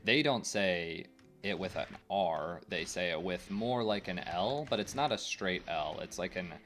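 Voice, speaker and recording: This young man from the US streams a game, rambling to viewers with strong opinions and frequent fillers. His deep, slightly bright voice is animated and a little slow, with faint game music behind him.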